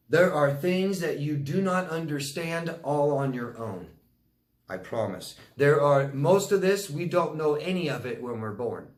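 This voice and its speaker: A blunt, animated male coach answers viewer questions, acting out the people in his stories. His voice sits at a middle pitch and rings in a roomy, echoey space. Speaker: relationship coach. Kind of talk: Q&A advice talk.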